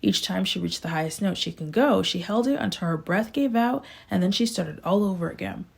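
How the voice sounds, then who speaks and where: A woman narrating an audiobook in a steady, unhurried amateur reading. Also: mid-range voice, creaky, slightly rough. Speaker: audiobook reader.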